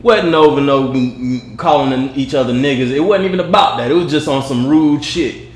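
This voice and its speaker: A man's voice: medium pitch, a little fast. A young man co-hosting a casual podcast, a laid-back storyteller who retells events vividly. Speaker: podcast co-host. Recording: echoey room.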